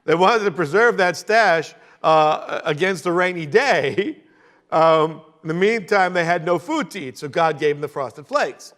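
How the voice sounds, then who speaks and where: High-voiced, slow-talking male preacher. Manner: animated, jokey asides and shifting voices. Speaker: Bible teacher. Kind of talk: verse-by-verse sermon.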